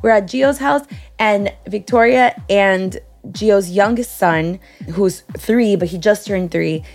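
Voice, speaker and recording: A woman's voice: mid-range voice, slow pace, darkish tone. A woman in her thirties co-hosting a podcast, chatting casually, laughing often and acting out what others said. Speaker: podcast co-host. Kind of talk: casual chat.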